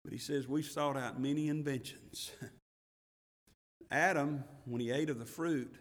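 A man preaching a sermon as pastor, swinging between loud emphatic passages and hushed, slow ones, and reading scripture in King James wording. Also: mid-range voice, fairly even intonation, long reverb tail. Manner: reads scripture aloud in King James wording with rising intensity.

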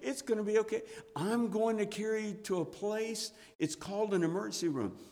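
A man voicing a father who gently soothes his injured little son, coaxing and sing-song. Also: high-pitched, fairly quick, voice pushed up. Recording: long church hall reverb.

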